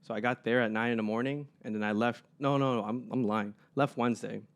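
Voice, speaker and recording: A young man chats casually as a podcast co-host. He tells his stories with animation and voices the people in them, his pitch sitting in the middle range. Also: fairly even intonation, quick pace. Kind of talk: casual storytelling chat.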